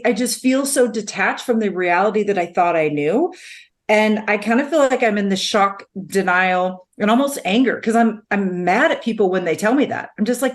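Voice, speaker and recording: A woman's voice: medium pitch, very animated, brisk. Earnest woman co-host, emotional podcast chat. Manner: earnest and emotional, sighs, repeats herself. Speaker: podcast co-host sharing her own experience. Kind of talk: candid conversational podcast chat.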